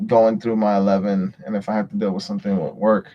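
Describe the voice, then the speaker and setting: A man's voice: lowish voice, little pitch movement, fast, lo-fi sound. A man chatting casually on a livestream, greeting viewers and rambling with frequent swearing. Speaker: livestream host.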